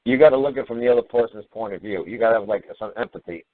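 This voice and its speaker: Hosting a call-in talk show, a man scolds a caller with profanity and sarcasm, speaking very fast in a lowish voice. The audio is phone-quality radio with slight background noise.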